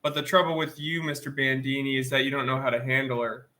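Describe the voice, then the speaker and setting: A man reading a swaggering young man who lectures in a smug, coarse way. The reader's voice stays bright and a little stuffy from sniffling. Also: medium pitch, flat delivery, fast, natural voice. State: sniffling from allergies. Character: crude, swaggering young man giving advice by letter.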